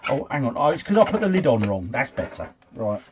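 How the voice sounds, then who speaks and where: A man's voice: medium pitch, big pitch swings, quick pace, lo-fi sound, noisy background. Chatty man hosting a livestream quiz. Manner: chatty, chuckling, answers chat comments. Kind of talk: casual livestream chat.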